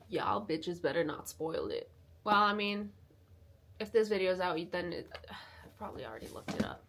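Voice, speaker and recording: A woman's voice: fairly low pitch, moderate pace. Young woman, casual vlog talk, lots of fillers, faint background noise. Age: 20s. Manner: excitable, chatty, full of fillers. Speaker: reading vlogger.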